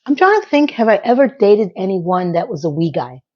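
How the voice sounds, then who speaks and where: A woman's voice: mid-range voice, very animated, a little fast, a little mellow, highs cut off. A woman recapping a TV episode in casual, sarcastic commentary with frank asides.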